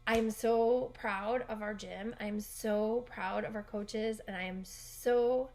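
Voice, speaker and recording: A woman's voice: medium pitch, steady tone, slow, a little mellow, soft background music. A woman coach telling a heartfelt story in a casual, rambling way, often correcting herself, recorded in her bedroom. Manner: earnest, rambling, with frequent self-corrections. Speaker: gymnastics coach and gym owner.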